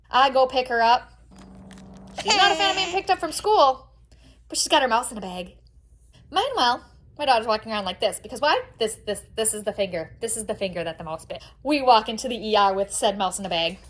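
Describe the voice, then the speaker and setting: A woman in her thirties, a stay-at-home mom telling a funny story in a lively, dramatic way with wry comic timing. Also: a little high, fairly quick. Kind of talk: animated storytelling vlog.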